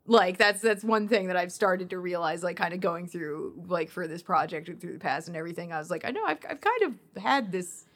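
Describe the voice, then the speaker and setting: A woman's voice: on the low side, expressive, fairly quick, few pauses, fairly bright tone. A woman hosting a podcast and talking casually with her mother, laughing often. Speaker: podcast host. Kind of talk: casual conversation.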